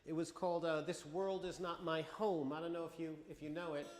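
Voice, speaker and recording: A man talks to a museum audience in a loose, wry, conversational way, often restarting his phrases. His voice sits high, and it rings around a roomy hall while guitar music plays behind him. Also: little pitch movement, brisk, darkish tone. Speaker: lecturer and folk singer. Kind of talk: museum talk with sung examples. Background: acoustic guitar.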